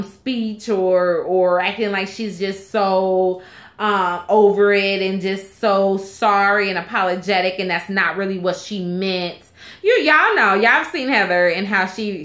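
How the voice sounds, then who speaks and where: A woman's voice: mid-range voice, fairly bright tone. A woman giving a casual, opinionated recap of a reality TV episode, gossipy and candid, with lots of fillers and asides. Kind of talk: casual chat. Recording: echoey room.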